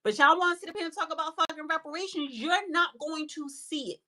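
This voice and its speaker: A woman's voice: high voice, fast talker, pushed and bright. A woman hosting a live audio room, talking bluntly and with plenty of swearing about politics and calling on speakers. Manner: blunt, profane, scolding. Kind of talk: casual heated political talk.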